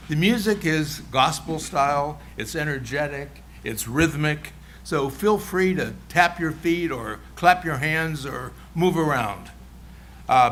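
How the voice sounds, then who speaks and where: A man introducing the choir's song during a church service, in a relaxed, explanatory way. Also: a little high, slight background noise. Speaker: worship leader. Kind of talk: service announcements. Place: church sanctuary.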